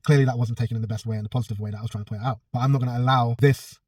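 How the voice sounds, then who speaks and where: A man's voice: mid-range voice, steady tone, very fast, a little mellow, no echo, distant mic. A man, a personal trainer telling a story in a casual vlog, blunt and swearing freely. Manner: blunt, swears a lot, acts out both sides of a quarrel.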